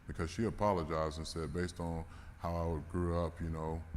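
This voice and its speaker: A man's voice: low-pitched, little pitch movement, normal speed, a little mellow. A man giving a candid, emotional storytelling talk at a conference, swearing and laughing now and then. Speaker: conference speaker. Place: large conference hall. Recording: reverberant hall with faint noise.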